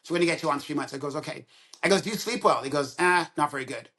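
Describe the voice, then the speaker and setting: A man's voice: on the high side, rapid-fire, slight background noise. A man of around sixty, a dentist and podcast guest, telling stories in casual conversation and acting out both sides of quoted dialogue. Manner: animated storyteller who acts out both sides of quoted dialogue.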